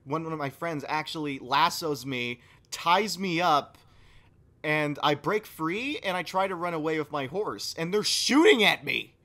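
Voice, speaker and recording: A man co-hosting a podcast, telling a story in casual chat and swinging from low mumbling to loud yelling. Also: expressive, unhurried. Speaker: podcast co-host.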